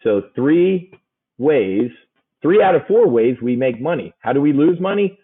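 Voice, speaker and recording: A man's voice: mid-range voice, very animated, a little slow, slightly rough, narrow, tinny audio. A man giving a casual options trading lesson, folksy and joking, hammering points home with repetition.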